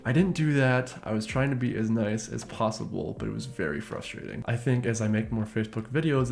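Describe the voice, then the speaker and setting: A man vlogging, retelling a frustrating exchange in an exasperated, incredulous way, his voice jumping higher in outbursts. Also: a little mellow. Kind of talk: storytelling vlog.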